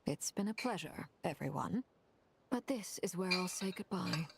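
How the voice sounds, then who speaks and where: A woman's voice: lowish voice, expressive, normal speed, gravelly, noisy background. An actress playing a composed, formal woman leader in a video game.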